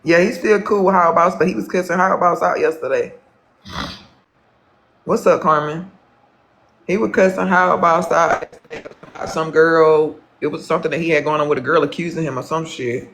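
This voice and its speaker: Man, higher-pitched voice, live-stream gossip, profane, rambling, repeats himself. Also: steady tone, a little fast, a bit bright, slight background noise. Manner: gossipy, calls viewers honey. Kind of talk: casual live-stream chat.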